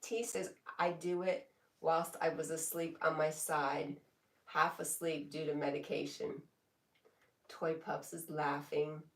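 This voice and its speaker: A woman casually chatting on a live stream, reading viewers' comments aloud in a relaxed way and laughing often. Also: low voice, takes it slowly, far from the mic. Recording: echoey room, voice a bit off mic.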